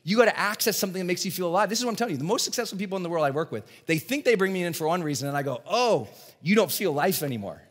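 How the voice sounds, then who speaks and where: A man giving an energetic motivational seminar talk to a live audience in a large event hall, often acting out voices in his stories. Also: high voice, very fast, few pauses. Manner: energetic, animated, acts out dialogue in voices. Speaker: motivational speaker and coach.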